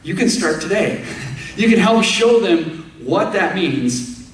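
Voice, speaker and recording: A man's voice: high voice, lively intonation, slow pace, distant mic. A man preaching a sermon, emphatic, putting direct questions to his congregation. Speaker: pastor. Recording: echoey room, speaker away from the mic.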